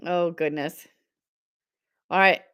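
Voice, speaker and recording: A woman's voice: lowish voice, steady tone, slow, a bit bright, clear, resonant tone. A woman in her forties hosting a live-stream sale, chatting casually, telling stories with frequent laughter and reading out viewer comments.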